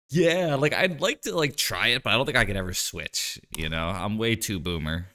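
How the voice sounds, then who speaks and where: A man's voice: fairly low pitch, sharp tone. A man streaming live, chatting casually and joking while he plays a card game, rambling with lots of "like" and "you know".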